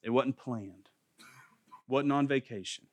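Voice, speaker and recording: A man in his thirties with a mid-range voice speaks slowly on a dry recording. As a parenting class teacher, he gives an earnest, faith-based talk on parenting and repeats phrases for emphasis.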